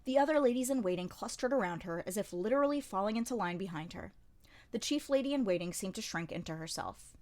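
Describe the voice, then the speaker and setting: Woman narrator, novel audiobook, wry delivery, middle pitch. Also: expressive, fast, darkish tone. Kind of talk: scripted narration.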